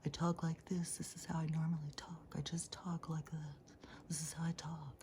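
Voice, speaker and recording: A woman putting on the hushed, breathy whisper of an affected spiritual guru to mock her. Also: sits low, monotone, fast, slight background noise, close to an everyday voice.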